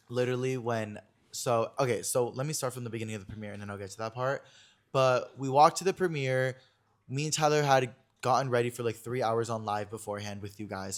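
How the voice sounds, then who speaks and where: A young man hosting a podcast, telling a story in a gossipy, animated way with lots of filler words. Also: mid-range voice. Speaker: podcast host. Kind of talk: casual chat.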